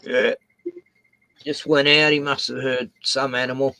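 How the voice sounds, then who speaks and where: A man's voice: mid-range voice, level tone, unhurried, gravelly, sharp tone, no room sound. An Australian man hosting a late-night live stream, chatting casually and swearing freely, often trailing off mid-sentence. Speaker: streamer host.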